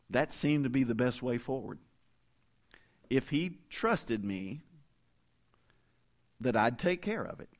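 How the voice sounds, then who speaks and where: A middle-aged man preaching a sermon as pastor, in a folksy, conversational way, with stories and asides to the congregation. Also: medium pitch.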